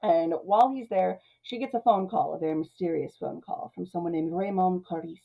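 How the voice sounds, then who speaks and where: A woman's voice: fairly low pitch, a little fast, gravelly, muffled recording. A woman hosting a movie review, recapping the plot in a chatty way, laughing often and leaning on "like" and "you know.".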